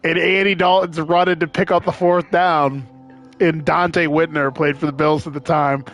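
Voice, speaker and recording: A man with a fairly high voice tells stories at a normal speed during casual sports chat. He's animated, swears heavily, and loudly acts out other people's lines.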